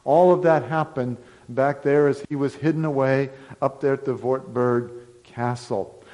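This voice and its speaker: A male pastor preaching a sermon, telling history as a lively story with emphatic rises. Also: mid-range voice, unhurried, rough recording. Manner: storytelling, animated, rising to emphatic declarations.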